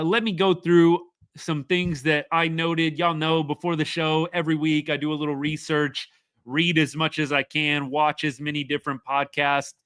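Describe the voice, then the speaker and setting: A young man talks through sports in a casual live show. His voice sits a little high and rings bright and forceful. The sound is dry and close, with no room around it. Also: clear, resonant tone, no echo. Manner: chatty, opinionated, answers viewer comments. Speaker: podcast host.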